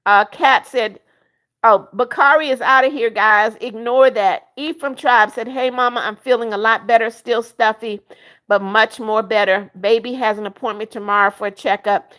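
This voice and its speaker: A woman's voice: on the high side, fairly even intonation, moderate pace. A woman in her seventies hosting a livestream, reading viewers' comments aloud and greeting them by name. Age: 70s. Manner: sings happy birthday softly. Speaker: livestream host. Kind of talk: casual live-chat reading.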